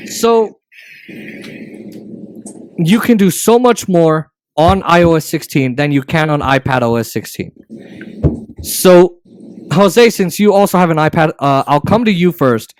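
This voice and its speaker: A man's voice: on the high side, expressive, slow, long pauses, dry recording. Opinionated man hosting a tech chat. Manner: opinionated, sarcastic, many restarts. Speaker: podcast host. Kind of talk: casual tech podcast chat.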